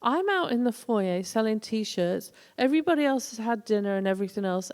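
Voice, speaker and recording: This woman, once a tour manager, tells stories from the road during a relaxed college lecture, performing the voices of those she quotes. She speaks on the high side with lively intonation and a darkish tone, moving briskly with hardly any pauses, and the hall echoes.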